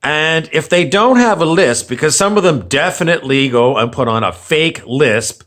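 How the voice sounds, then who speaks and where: A man's voice: on the high side, lively intonation, moderate pace, few pauses, fairly bright tone. A man ranting on camera as a vlogger, sarcastic and meandering, often repeating himself. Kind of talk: rambling opinion rant.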